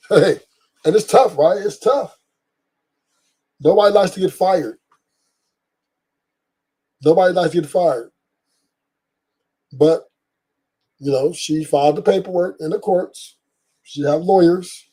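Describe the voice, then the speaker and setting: Male host for a talk commentary: mellow, slightly raised voice, preachy delivery. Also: fairly high pitch, breathy edge. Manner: lecturing, repeats his points. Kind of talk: opinion commentary.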